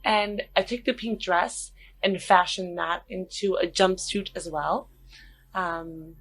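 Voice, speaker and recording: A woman player in a tabletop game, calmly describing her character's actions. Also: fairly low pitch, slow pace.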